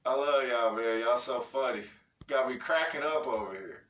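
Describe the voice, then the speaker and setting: A man's voice: mid-range voice, moderate pace, a bit bright. A man hosting a livestream, reading out viewer comments in a laid-back, slangy, profane way and cracking up often. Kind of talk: casual livestream chat.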